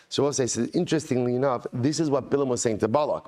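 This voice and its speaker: Male rabbi lecturing on Talmud, lively storyteller, mid-pitch voice, weaves in Aramaic. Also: fast talker, few pauses. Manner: animated storytelling, mixing in Hebrew and Aramaic quotes. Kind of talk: daily Talmud class lecture.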